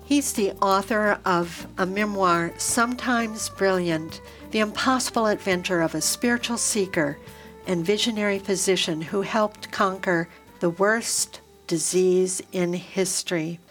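A woman hosting a radio interview, asking her questions in a measured way and laughing along with her guest. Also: medium pitch, fairly bright tone, faint music behind. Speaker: radio host.

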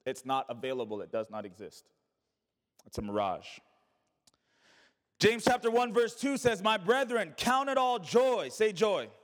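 High-voiced preaching pastor in a reverberant hall. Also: male voice, sing-song, unhurried, pauses often. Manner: preaching with call-and-response and rhetorical questions. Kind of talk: sermon.

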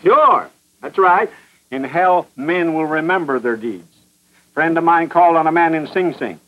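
A man's voice: fairly high pitch, lively intonation, a little slow. A man preaching a fervent sermon, hammering his points with repetition and rhetorical questions. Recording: muffled old radio broadcast.

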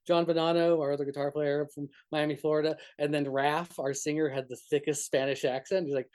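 Laid back musician dude from new mexico telling road stories, kinda high pitched, keeps restarting and laughing. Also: male voice, little pitch movement, brisk, hardly any pauses, a little mellow. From northern New Mexico. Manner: rambling, heavy on "like" and restarts, laughs often. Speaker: touring musician guest. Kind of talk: casual storytelling interview.

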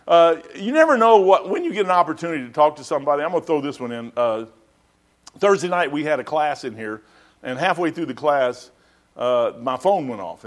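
A middle-aged man, preaching a sermon as a pastor in a folksy, rambling storytelling way. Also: mid-range voice.

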